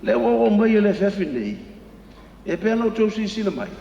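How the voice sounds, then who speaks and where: A man preaching a bilingual sermon at an evening church service, emphatic and slow on key phrases. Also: high-pitched, very animated, vocal fry, mellow, highs cut off, a little hiss or hum. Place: large church hall. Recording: echoey hall with long reverb.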